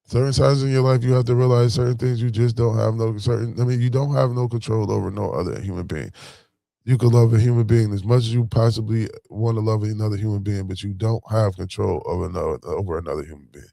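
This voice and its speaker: Gravelly man from Buffalo talking slang. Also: fairly low pitch, steady tone, fast talker, mellow, no room sound, studio quality. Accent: Buffalo, New York. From Buffalo, New York. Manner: slangy, frequent "you know what I'm saying". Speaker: vlogger. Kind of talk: casual motivational talk.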